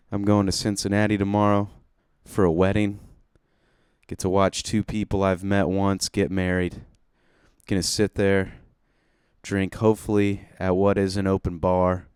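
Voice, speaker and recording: A man's voice: low voice, a little mellow, clean tone, no echo, studio quality. A young man doing a solo comedy podcast from home, rambling, self-deprecating and swearing casually.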